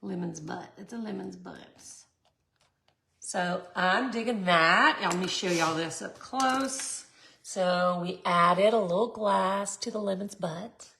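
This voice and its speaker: Middle-aged woman hosting a craft tutorial; slow, chatty, with a gravelly voice. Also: mid-range voice, bright, forceful tone, a little hiss or hum. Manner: chatty, laughs often, talks to viewers. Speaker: resin art tutorial host. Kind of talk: casual livestream craft tutorial.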